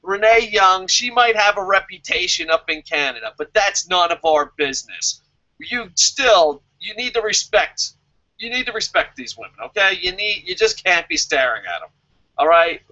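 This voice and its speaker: A man's voice: high-pitched, lively intonation, normal speed, pushed and bright, lo-fi sound. A man giving a casual, profane, joking rant as a show reviewer and reading viewer comments aloud. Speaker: wrestling review vlogger.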